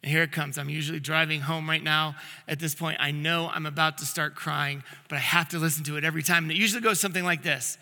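Bright-voiced pastor in a reverberant church. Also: male voice, a little high, fairly even intonation, fast. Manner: earnest storytelling with frequent restarts. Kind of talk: conversational sermon. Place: church sanctuary. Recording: long reverb of a church hall.

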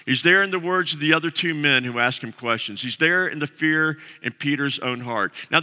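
Pastor guy preaching, really bright tense voice, kinda high, big echoey church sound. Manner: earnest preaching with repeated phrases. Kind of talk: sermon. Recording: long reverb of a large hall.

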